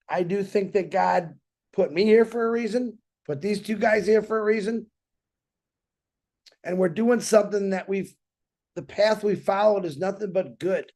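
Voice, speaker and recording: This community show host has a high-pitched, slightly mellow voice. His motivational talk to the community is earnest and casual, wandering and circling back over the same points.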